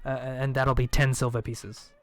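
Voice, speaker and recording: A man's voice: mid-range voice, flat delivery, moderate pace, natural voice. A man voicing an annoyed male goblin tending bar, who talks curtly and in a businesslike way.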